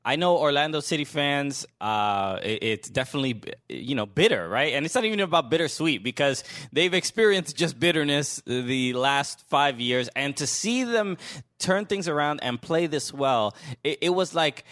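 A man's voice: fairly high pitch, animated, moderate pace, fairly bright tone, dry recording, studio quality. A man co-hosting a comedy soccer show in casual chat, laughing often and talking with many fillers and restarts.

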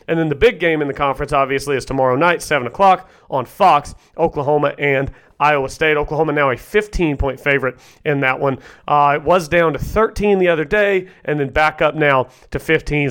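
Male sports podcast host, young adult, brisk and assured, voice a bit on the high side. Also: fairly bright tone. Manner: confident, rapid-fire predictions. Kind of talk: solo sports podcast, game picks.

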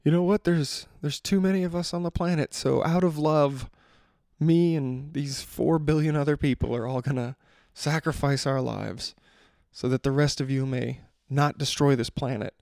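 Man playing a self-sacrificing zealot giving a solemn speech; gravelly, dry. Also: on the high side, moderate pace, a little mellow, no room sound.

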